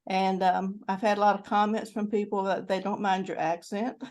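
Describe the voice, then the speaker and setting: A woman's voice: medium pitch, little pitch movement, moderate pace, a little mellow. An older woman with a North Carolina Southern accent, hosting a casual video-call chat and rambling with lots of fillers and restarts. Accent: North Carolina Southern American. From North Carolina, USA. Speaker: channel host.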